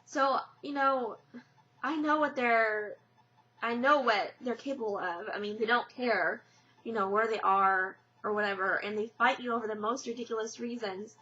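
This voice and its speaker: A woman's voice: fairly high pitch, fairly even intonation, normal speed, pushed and bright. A young woman vlogging casually, telling a story in a rambling way with many fillers and restarts. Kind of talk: casual personal vlog. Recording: lo-fi dull webcam audio.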